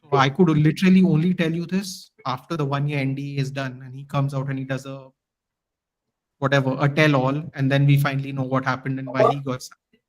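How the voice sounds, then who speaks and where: A man as a guest on a podcast, talking in a casual, animated, ranting way. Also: medium pitch, fairly quick, poor audio. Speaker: guest fan commentator.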